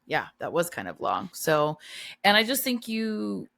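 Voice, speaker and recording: A woman's voice: lowish voice, big pitch swings, unhurried, creaky, a bit bright. A woman co-hosting a casual movie podcast, easygoing and agreeable, laughing often. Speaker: podcast co-host. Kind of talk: casual chat.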